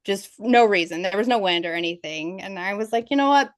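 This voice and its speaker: A woman's voice: medium pitch, a little fast, dry recording. Dry-voiced woman telling a ghost story. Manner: vivid storyteller, laughs through tense moments. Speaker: guest ghost investigator. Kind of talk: interview storytelling.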